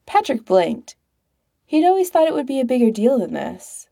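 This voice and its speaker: A woman reading fiction aloud in an expressive, unhurried way. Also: sits high, vocal fry. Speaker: story reader. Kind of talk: narrating fan fiction aloud.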